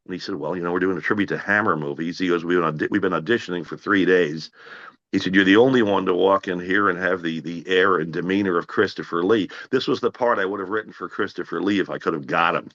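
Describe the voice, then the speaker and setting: Deep-voiced man telling stammering anecdotes. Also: fast talker, lo-fi sound. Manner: animated anecdotes, acts out others' lines, frequent stammered restarts. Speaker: actor guest. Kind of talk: casual interview storytelling.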